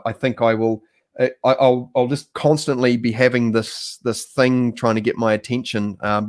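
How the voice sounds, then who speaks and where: A man from New Zealand hosting a casual livestream conversation, talking in a rambling, hesitant way with many restarts. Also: mid-range voice. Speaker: host.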